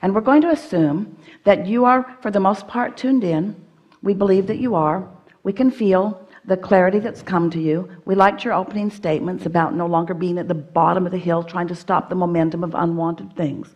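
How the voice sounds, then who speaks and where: Female seminar speaker, mid-pitched, firm and playful, guides an audience member sentence by sentence. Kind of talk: live seminar teaching, speaking as "we".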